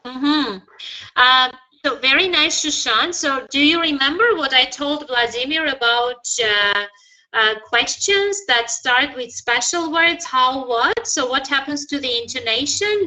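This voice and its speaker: This is a woman teaching an English class over a video call, with a high voice and a bright, crisp edge. She guides students patiently and keeps offering encouragement as she corrects them. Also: a little slow, low-quality recording. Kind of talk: online English lesson.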